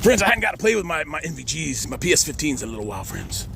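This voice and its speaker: A man's voice: a little high, very animated, rapid-fire, creaky, background noise. A man vlogging outdoors at a cemetery in a folksy way, working "friends" into nearly every sentence. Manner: folksy, says "friends" constantly. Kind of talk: outdoor character vlog.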